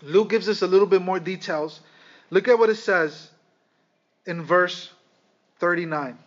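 A man preaching a sermon, speaking with dramatic pauses and calling his listeners "guys". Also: high-pitched, faint music behind. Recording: slightly dull lo-fi sound.

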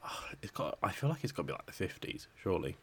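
A man's voice: low voice, very animated, quick pace, whispered. A man co-hosting a podcast, chatting casually and wryly about a film, often asking questions. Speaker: podcast co-host. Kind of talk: casual film review chat.

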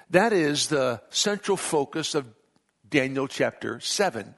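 A man with a somewhat higher voice preaches to his congregation. He reads scripture aloud and leans hard on key words, slowing down to stress them. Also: animated, creaky, fairly bright tone. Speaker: pastor. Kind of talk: sermon.

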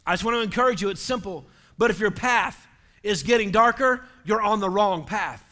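A man preaches with fervor, his voice pitched high for a man. His tone is bright and forceful, and he pushes into shouts at his strongest points. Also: moderate pace. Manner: impassioned preaching, rising to shouts. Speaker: pastor. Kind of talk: sermon.

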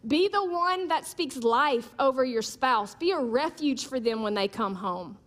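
High-voiced woman preaching emphatically. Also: lively intonation, a little slow, fairly bright tone. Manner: emphatic, repeats declarations, storytelling with humor. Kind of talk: sermon.

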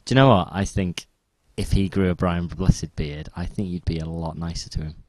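A man co-hosting a podcast, teasing his friend playfully with quick interjections in casual chat. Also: low-pitched, fairly even intonation, darkish tone, dry recording. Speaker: podcast co-host.

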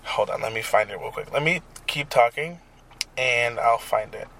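A man's voice: medium pitch, normal speed, creaky, sharp tone, slight background noise. A young man hosting a casual solo podcast from his parked car, rambling and swearing as he talks. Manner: crude, rambling, profane storytelling. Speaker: podcast host.

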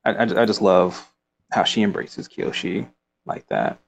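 A man's voice: deep voice, moderate pace, gravelly, a little hiss or hum. A man casually discussing a book, reading passages aloud and rambling with laughs. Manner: rambling, with frequent fillers and laughs.

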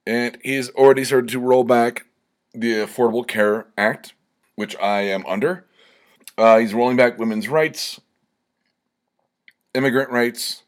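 A young man hosting his own podcast alone, rambling and swearing, tipsy and stammering as he gets worked up. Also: mid-range voice. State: slightly tipsy from drinking shots. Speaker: podcast host. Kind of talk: casual solo podcast monologue.

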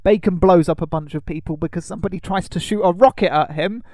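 A man's voice: sits high, fast talker, darkish tone, no room sound. A man co-hosting a casual podcast chat, explaining the plot patiently and laughing often. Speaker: podcast co-host.

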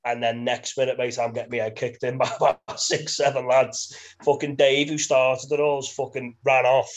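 Man, Merseyside accent, casual chat, monotone delivery, sweary, rambling, laughs mid-sentence. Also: mid-range voice, normal speed. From Birkenhead, England.

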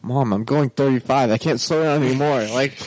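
Animated young man telling a story. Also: mid-range voice, fairly quick, no echo. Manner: animated storyteller, mimics his panicked mother. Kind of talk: casual chat.

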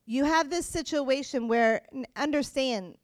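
A woman preaching a sermon. She is animated, acts out voices, and swings between soft and loud. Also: high voice, measured pace, dry recording, clean studio sound.

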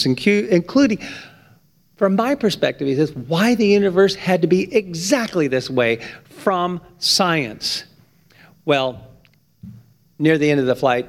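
A man preaching a sermon, with emphatic stress that climbs high on key points. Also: vocal fry. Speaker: pastor.

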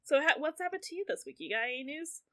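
A woman in her late twenties chatting casually as a podcast co-host, animated and swearing a lot, often laughing through her words. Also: high voice, fast. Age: 20s. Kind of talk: casual chat.

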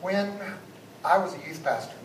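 A male guest pastor with a fairly high voice preaches, rising to loud exhortation and dropping to hushed asides. He is heard from a distance in an echoey church with noise behind him. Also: lively intonation, moderate pace. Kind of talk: sermon. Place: church sanctuary.

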